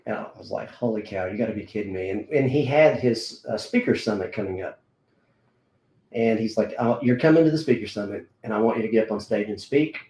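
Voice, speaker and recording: A middle-aged man, a martial arts instructor, tells a personal story in a relaxed, halting way, with many fillers and restarts. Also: medium pitch. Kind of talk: casual conversational storytelling. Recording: roomy echo.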